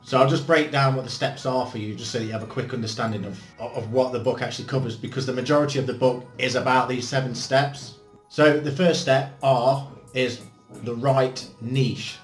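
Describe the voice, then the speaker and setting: A man's voice: medium pitch, fairly even intonation, brisk. A man hosting his channel, giving a casual, blunt book review with self-mocking jokes and casual swearing. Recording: roomy echo with faint background music.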